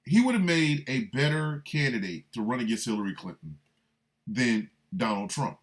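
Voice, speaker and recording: A man hosting a livestreamed radio talk show, riffing in a loose comic way and shouting out listeners by city. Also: mid-range voice, very animated, normal speed. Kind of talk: livestreamed political comedy talk.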